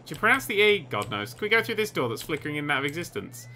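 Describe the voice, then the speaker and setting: A man commentating over a video game he is playing, excitable and sarcastic, swearing often. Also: fairly high pitch, very fast, hardly any pauses. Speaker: gaming commentator. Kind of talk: let's play commentary.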